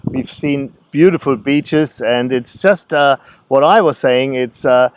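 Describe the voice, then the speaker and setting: A man with a German accent, a travel vlogger interviewing a guide in a friendly way, pausing often for words. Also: medium pitch, a little hiss or hum. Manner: friendly, searching for words, many fillers. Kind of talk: casual interview.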